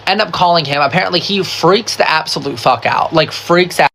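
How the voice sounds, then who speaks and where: A woman telling a storytime while getting ready, gossipy and animated, swearing freely and packing every sentence with "like". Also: deep voice, fairly quick, gravelly, slight background noise. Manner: animated and profane, full of "like" fillers; gossipy, talks straight to the viewer with "girl" and "baby". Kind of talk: casual get-ready-with-me storytime.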